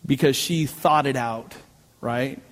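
Pastor in an echoing hall. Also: male voice, medium pitch, takes it slowly. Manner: animated storytelling with self-mocking jokes. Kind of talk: sermon. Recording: long reverb of a large hall.

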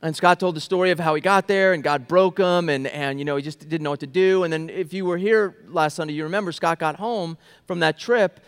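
A young man preaching a sermon as a pastor, telling a story and swinging between loud, urgent passages and hushed, quiet ones. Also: fairly high pitch, a little fast, hardly any pauses, smooth. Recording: long reverb of a large hall.

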